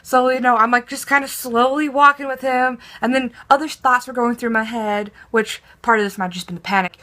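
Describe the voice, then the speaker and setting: Animated, bright-voiced young woman telling a story. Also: mid-range voice, moderate pace. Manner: animated, swears a lot, acts out her panic. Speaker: vlogger. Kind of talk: casual storytime.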